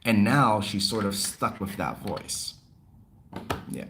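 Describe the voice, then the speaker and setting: A young man hosting a livestream, chatting casually and telling a story in an animated, expressive way. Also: fairly low pitch, slow, a little hiss or hum. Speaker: livestream host. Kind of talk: casual chat.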